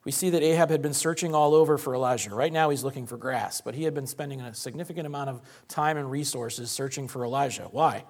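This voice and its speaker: A pastor preaching to his congregation, with a man's voice at an ordinary middle pitch. He talks through the passage plainly and conversationally. He leans on rhetorical questions to draw his listeners in. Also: fast, few pauses. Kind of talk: sermon.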